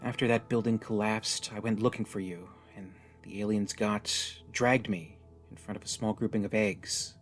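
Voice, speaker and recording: A man's voice: lowish voice, steady tone, normal speed, few pauses, soft background music, close to an everyday voice. Jaded stranded young woman, tough and resigned, read by a male narrator. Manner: blunt, weary, resigned.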